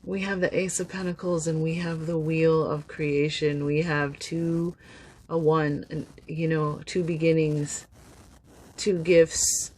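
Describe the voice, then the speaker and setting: A woman giving a casual, upbeat tarot reading, chatty and quick to laugh. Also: deep voice, level tone, darkish tone, poor audio. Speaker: tarot reader.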